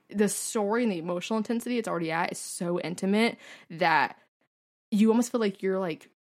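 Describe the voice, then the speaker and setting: Young female podcast co-host; chatty, gushing, animated storytelling. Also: on the low side. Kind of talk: casual chat.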